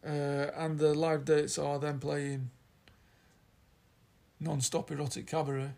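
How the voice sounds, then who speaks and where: A man's voice: fairly high pitch, flat delivery, a little slow, vocal fry, warm tone. A man with a Yorkshire accent co-hosting a podcast, chatting casually in a rambling, teasing way. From Yorkshire, England. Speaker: podcast co-host. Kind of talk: casual chat.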